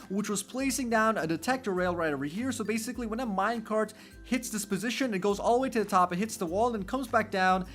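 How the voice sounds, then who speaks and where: Young guy with a high voice walking thru a minecraft build, chatty, lots of fillers, soft music underneath. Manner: chatty, with frequent fillers like "go ahead" and "basically". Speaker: Minecraft let's-play host. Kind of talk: casual gameplay tutorial narration.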